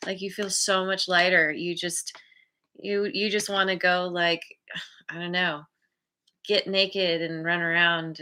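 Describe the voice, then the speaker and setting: Woman, tarot reader, casual chat, bright voice, laughs a lot, playful quoted voices. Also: on the low side. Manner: chatty, laughs often, acts out quoted reactions. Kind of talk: casual spoken tarot reading.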